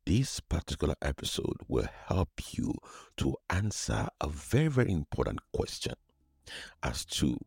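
Slow, gravelly, very deep-voiced man. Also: sing-song, no echo, studio quality. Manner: slow, soft, often whispery storytelling. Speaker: podcast host and recovery coach. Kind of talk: reflective podcast monologue.

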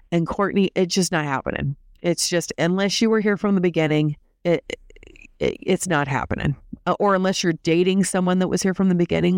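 A host giving a chatty, opinionated recap of a reality TV episode, talking in quick bursts with mocking asides. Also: mid-range voice, smooth, no echo, studio quality. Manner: mocking asides and quoted imitations of cast. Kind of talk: casual gossipy episode recap.

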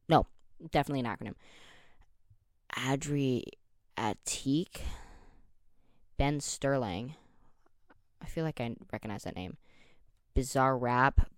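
Recorded at studio quality with a desk mic and studio headphones, this late-teen podcast host has a smooth, medium-pitched voice and dry sound. Alone on his casual show, he rambles along with self-deprecating jokes.

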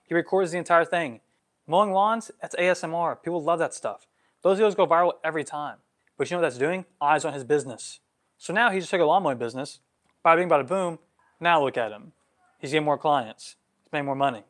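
Animated young man vlogger, higher voice. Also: fast talker. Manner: animated, gets worked up, many "like" fillers. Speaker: vlogger answering follower questions. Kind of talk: livestream Q&A monologue.

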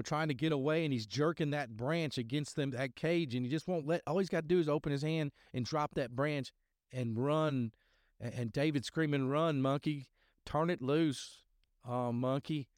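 A man's voice: mid-range voice, clear, resonant tone, dry recording, clean studio sound. A middle-aged man hosting a podcast, telling a story and his own testimony in a rambling, casual way with many fillers and restarts. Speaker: podcast host sharing testimony.

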